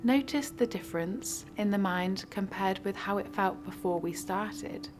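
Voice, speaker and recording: A woman guiding a mindfulness practice with slow, soothing instructions. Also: medium pitch. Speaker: mindfulness guide. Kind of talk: guided meditation.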